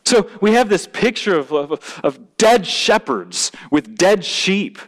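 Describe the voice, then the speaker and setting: A man's voice: very animated, slow pace. A man preaching a sermon, emphatic, often repeating words as he restarts. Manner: emphatic, rising in pitch and volume at points.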